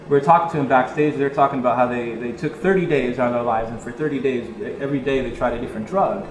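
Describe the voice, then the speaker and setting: A man telling a rambling tour story in casual chat, animated, swearing freely and laughing as he talks. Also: mid-range voice, very fast. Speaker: interview guest, touring musician. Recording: echoey room.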